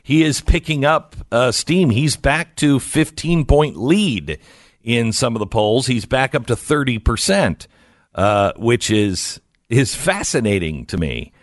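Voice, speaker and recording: Lively wry middle-aged radio host man. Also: medium pitch, measured pace, dry recording, studio quality. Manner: storytelling, wry and self-mocking, laughs at own jokes. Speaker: radio talk show host. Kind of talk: casual talk radio chat.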